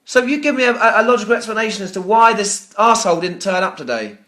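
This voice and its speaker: This is an exasperated British man with a high, strained voice, venting at a customer service agent. His complaint turns sarcastic and profane, and he stumbles over the same words again and again. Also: expressive, quick pace, bright, forceful tone. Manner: furious, ranting, sarcastic, stammering repetitions; swears often. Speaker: business owner calling customer service. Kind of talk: phone complaint call.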